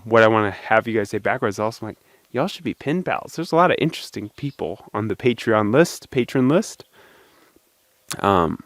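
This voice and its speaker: A man's voice: lowish voice, no echo. Young male host, casual and playful, speaking into a dry, close mic. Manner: playful, chatty, thanks supporters by name. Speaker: video host. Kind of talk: casual talk to camera.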